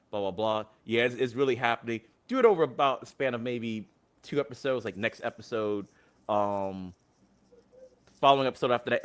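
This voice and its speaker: A man hosting a casual wrestling podcast, who laughs often and acts out quotes in big voices. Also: fairly low pitch. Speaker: podcast host.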